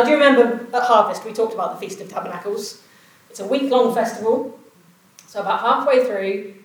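A woman giving an informal sermon in a conversational way, often asking her listeners questions. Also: fairly high pitch. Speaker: preacher. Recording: roomy echo, voice far from mic.

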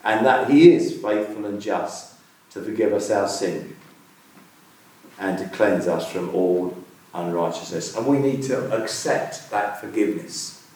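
A man's voice: lowish voice, a little slow, darkish tone. A man preaching a sermon in an earnest way, putting searching questions to his listeners. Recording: very echoey room, voice from far off the mic.

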